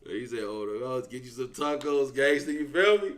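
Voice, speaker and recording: A man's voice: medium pitch, lively intonation, normal speed. A young man giving loose, profane reaction commentary and talking straight to his viewers. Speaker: reaction streamer.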